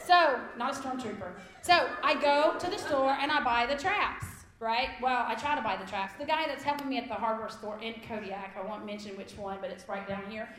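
A woman, a kindergarten teacher in her thirties, telling a comic story live to an audience in an animated, emphatic way. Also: a little high, a little fast, few pauses, heavy background noise. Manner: animated, emphatic, laughs through lines. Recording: echoey room.

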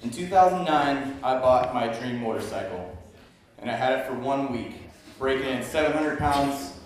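A man's voice: mid-range voice, animated, normal speed, crowd noise. Man from Texas telling a story in an echoey hall. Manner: easygoing, wry. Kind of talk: live personal storytelling. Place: stage at a live storytelling event. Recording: echoey hall, distant mic, faint noise.

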